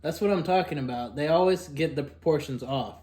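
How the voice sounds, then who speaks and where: A young man talking casually about fast food in an eating vlog. He rambles, fills pauses with "like" and "kinda", and talks while eating. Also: fairly high pitch. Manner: rambling, filler-heavy, drifting softer and louder. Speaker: food vlogger.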